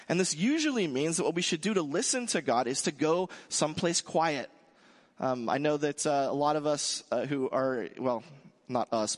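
A man preaching a sermon in a relaxed, conversational way, joking with his congregation. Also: a little high, big-room sound. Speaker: pastor.

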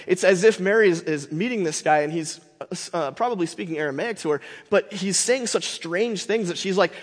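High-voiced man teaching a Bible lesson. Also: brisk, in a large hall. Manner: animated, emphatic, frequent fillers and restarts.

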